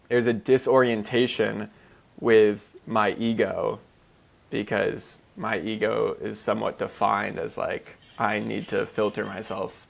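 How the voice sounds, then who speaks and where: On the low side and gravelly, this man's voice carries a loose, casual podcast chat where he co-hosts. He curses freely and keeps dropping "like" as filler.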